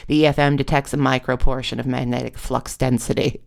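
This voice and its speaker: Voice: mid-range voice, level tone, a little fast, creaky, lightly acted. A storyteller voicing a tiny, pale psychic woman who explains things patiently and precisely, like a lecture. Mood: lecturing.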